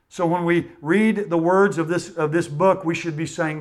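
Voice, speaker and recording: A man preaching a sermon, earnest and measured, often dropping quietly at the ends of phrases. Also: high voice. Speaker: pastor.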